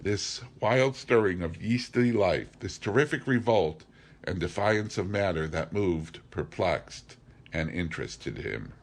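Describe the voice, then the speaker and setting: Brief: a deep-voiced male reader, steady and deliberate, narrating a classic novel. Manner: measured, deliberate reading with occasional slips. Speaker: audiobook reader.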